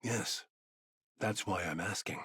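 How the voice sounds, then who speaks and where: A man's voice: lowish voice, takes it slowly, bright, forceful tone, husky, dry recording, exaggerated voice. An actor playing an aging male commander in a game, with a dry, teasing way of talking. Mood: wry. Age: older. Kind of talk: game voice acting.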